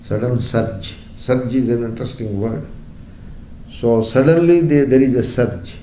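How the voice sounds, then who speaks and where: A man's voice: mid-range voice, unhurried, dark tone. A man teaching a Vedanta class through a story, wry, with rhetorical questions and chuckles. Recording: echoey room, faint background noise.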